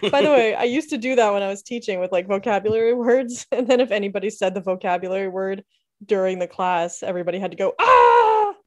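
A woman's voice: medium pitch, fairly even intonation, fast, a little mellow. A woman co-hosting a podcast in casual chat, laughing as she retells film scenes. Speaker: podcast co-host.

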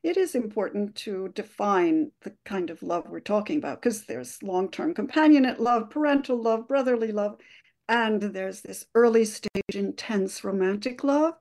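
A woman speaking as an expert guest on a radio show, calmly explaining research. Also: medium pitch. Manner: calm, explanatory, measured.

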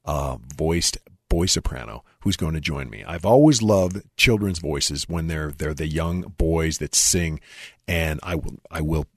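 Deep-voiced earnest man, husky tone. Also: unhurried, no echo, studio quality. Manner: animated, talkative, earnest. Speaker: musician guest. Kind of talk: conversational interview.

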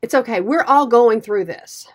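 A high-pitched middle-aged woman co-hosting a radio show in casual chat. She tells animated stories and throws herself into every quoted line. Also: moderate pace. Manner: animated storyteller, acts out quotes.

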